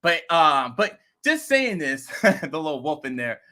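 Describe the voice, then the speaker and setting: A man hosting a crypto vlog, telling a rambling, animated story in casual talk. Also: a little high, a little slow. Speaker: crypto video host.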